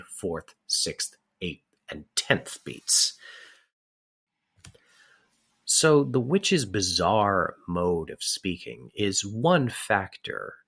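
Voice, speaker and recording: A man teaching in a podcast lecture, explaining step by step and often pausing with fillers and correcting himself. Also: fairly low pitch, fairly bright tone, slightly rough.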